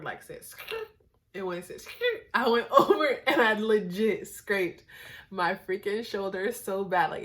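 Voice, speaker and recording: Her voice sits at a medium pitch with a fairly bright tone. A young woman from Northern California, she vlogs casually to the camera late at night, tired, silly, and rambling through lots of fillers.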